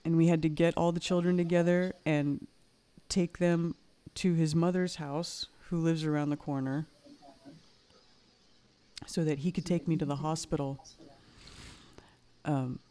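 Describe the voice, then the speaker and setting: A woman's voice: low voice, steady tone, a little slow, long pauses, warm tone, clean tone. A woman hosting a livestream who tells a personal story candidly and bluntly, swearing freely and getting heated as she recounts anger. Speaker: livestream host.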